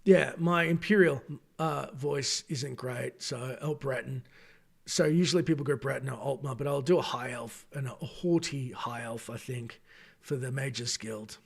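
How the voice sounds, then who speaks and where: Gravelly-voiced man rambling on a live stream. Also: medium pitch, unhurried. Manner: rambling, chatty, self-correcting. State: tired late at night. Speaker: gaming channel host. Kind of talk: late-night live stream chat.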